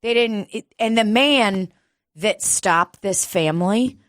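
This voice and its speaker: A woman co-hosting a casual podcast chat, telling profane, animated stories and acting out the people in them. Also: mid-range voice, slow, no room sound, clean studio sound. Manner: profane, animated storytelling with acted-out quotes. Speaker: podcast co-host.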